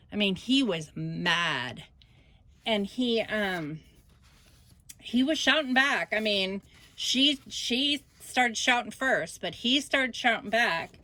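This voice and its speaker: A grandmother with a medium-pitched voice chats casually on her scrapbooking channel, rambling and animated as she recounts a family dispute. There is no reverb in the recording.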